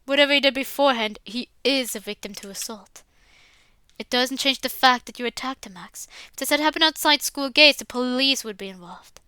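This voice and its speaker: A stern, formal older headmaster scolds in measured, lecturing sentences, as a woman reads his part. The tone is bright and crisp, close and dry, as in a visual novel reading. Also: high-pitched, dry recording. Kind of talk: visual novel read-aloud.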